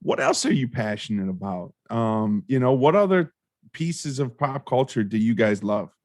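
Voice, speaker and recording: A man hosts a casual podcast interview, animated and talkative. His voice sits at a middle pitch. The sound is dry. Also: normal speed, no room sound. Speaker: podcast host.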